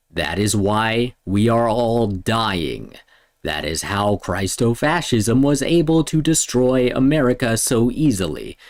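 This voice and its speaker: A man streaming, ranting angrily and swearing, swinging between loud outbursts and low mutters. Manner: heated, swearing, lurching between shouts and mutters. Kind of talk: angry profane rant.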